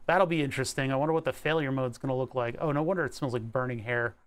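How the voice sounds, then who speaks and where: Working on an electronics build, this young vlogger from the Delaware County area of Pennsylvania talks to himself in a loose, rambling, wordplay-filled way. His voice is medium in pitch and quick.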